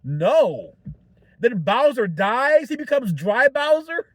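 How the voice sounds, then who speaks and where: Excitable high-voiced man rambling a review. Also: moderate pace, no room sound. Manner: rambling, excitable, swears freely, many restarts. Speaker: movie reviewer. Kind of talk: casual solo review.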